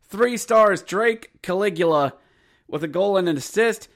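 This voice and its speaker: A man hosting a hockey podcast, recapping games play-by-play, joking and bursting into shouted goal calls. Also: high voice, lively intonation, unhurried. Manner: erupts into shouted goal calls, jokey asides. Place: jockey wagon.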